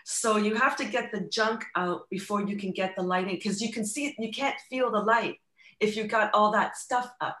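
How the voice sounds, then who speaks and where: A woman's voice: mid-range voice, moderate pace, a bit bright, reverberant. A middle-aged woman, a guest telling her own recovery story in an earnest, reflective way, often restarting mid-thought. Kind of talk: candid personal storytelling.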